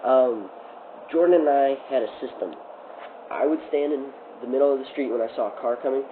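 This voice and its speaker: A young man tells a rambling story among friends, stumbling over fillers and restarts as he goes. His voice comes through a tinny, phone-like recording with a steady hiss behind it. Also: medium pitch, brisk. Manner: rambling, laughing, lots of fillers. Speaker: storyteller host.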